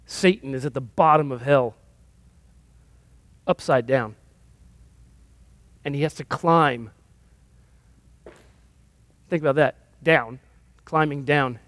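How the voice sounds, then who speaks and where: A man's voice: a little high, dry recording. A male pastor giving a sermon in a conversational, self-deprecating storytelling manner.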